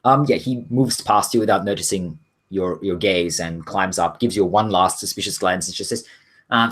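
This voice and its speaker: A man narrating a tabletop role-playing game as game master, in a loose, casual way with many pauses and restarts. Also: sits low, a bit bright. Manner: casual, many ums and self-corrections.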